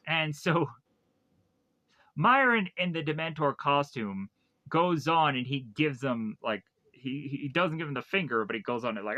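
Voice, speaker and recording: Bright-voiced man rambling through a plot recap. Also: mid-range voice, unhurried. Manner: rambling retelling with repeated phrases. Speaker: movie reviewer. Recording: dull lo-fi dry recording.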